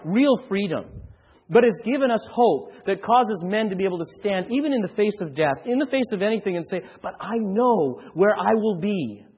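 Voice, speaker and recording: A man preaching a sermon with passion, building from quiet to loud and often repeating words as he presses a point. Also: sits high, breathy edge. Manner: repeats words when stirred. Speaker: pastor. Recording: dull sound, long hall echo.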